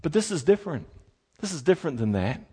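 A man preaching a sermon, animated and emphatic, moving between quiet asides and loud, lively passages. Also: fairly high pitch, fast, slightly rough. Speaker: pastor.

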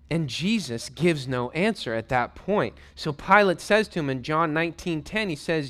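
A man preaching a sermon, reading and retelling scripture in an animated way and acting out the scenes. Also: a little high, normal speed, few pauses.

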